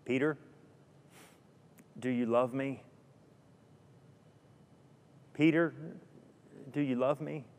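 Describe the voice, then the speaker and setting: A man voicing a gentle, solemn male teacher who speaks softly and slowly, offering forgiveness. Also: medium pitch, steady tone. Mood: tender. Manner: soft, slow, solemn. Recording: long hall reverb.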